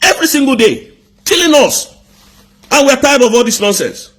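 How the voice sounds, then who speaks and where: Furious high-voiced Nigerian man ranting. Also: very animated, moderate pace, a bit bright. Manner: indignant, repetitive rhetorical questions. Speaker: commentator. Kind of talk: angry political rant.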